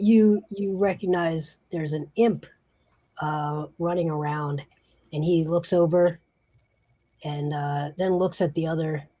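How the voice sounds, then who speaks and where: A woman narrating a tabletop role-playing game as game master, in a halting way with frequent restarts. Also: low voice, warm tone. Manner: halting, many fillers and restarts.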